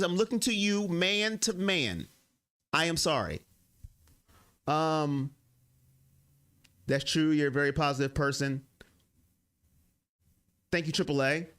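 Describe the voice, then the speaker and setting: A young man hosting a sports live stream, reading and answering viewer comments, swinging between heated rants and quiet apologies. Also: sits high, a little slow, long pauses, clean tone.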